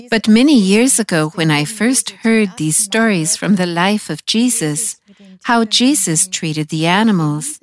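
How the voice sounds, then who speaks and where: A woman presenting a religious program, reading scripture and reflecting earnestly on it. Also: medium pitch.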